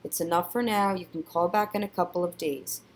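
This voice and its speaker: A woman's voice: on the low side, fairly even intonation, fairly quick, close to an everyday voice. A woman voicing a mother who speaks firmly and matter-of-factly, in a storybook read-aloud. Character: firm mother ending a call.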